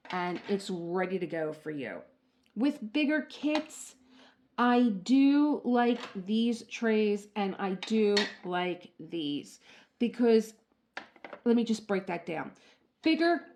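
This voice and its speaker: Chatty woman with a gravelly edge. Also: mid-range voice, darkish tone, slight background noise. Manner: chatty, laughs at herself, talks straight to the viewer. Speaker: diamond painting channel host. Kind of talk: casual unboxing demonstration.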